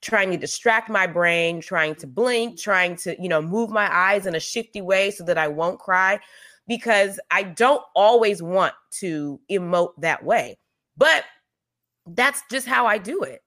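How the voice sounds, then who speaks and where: A woman's voice: medium pitch, lively intonation, measured pace, fairly bright tone. A woman co-hosting a podcast, sharing personal stories in an emphatic, candid way with frequent restarts. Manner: emphatic, storytelling with many restarts. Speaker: podcast co-host. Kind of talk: candid conversational chat.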